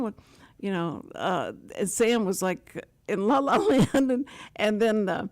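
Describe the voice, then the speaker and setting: An older woman with a drawl hosts her talk show at an ordinary middle pitch. She chats in a casual, rambling way, piling story on story with plenty of asides. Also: expressive, a little slow, darkish tone. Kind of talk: casual chat.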